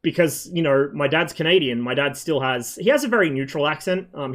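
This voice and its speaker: A man chatting casually on a live game stream, wandering from one thought to the next. He swears freely and fills pauses with ums and likes. His voice sits at an ordinary middle pitch. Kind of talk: casual rambling stream chat.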